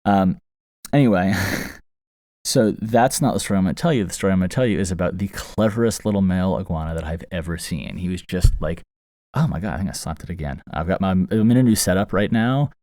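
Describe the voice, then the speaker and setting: Deep and warm, this man's voice moves quickly as he hosts a podcast and casually tells a funny story, amused and rambling with many fillers and restarts. The close studio mic sits inside a small foam-lined box, giving a very dry, echo-free booth sound.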